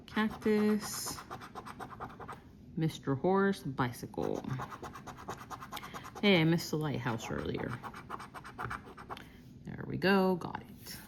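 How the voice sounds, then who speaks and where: A woman from Texas hosts a casual scratch-off vlog, calling out each symbol slowly and deliberately. Her voice sits a little low with a gravelly, fry-laden texture. Faint noise hums behind her. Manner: slow, reads out symbols one by one while scratching. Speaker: lottery scratch-off vlogger.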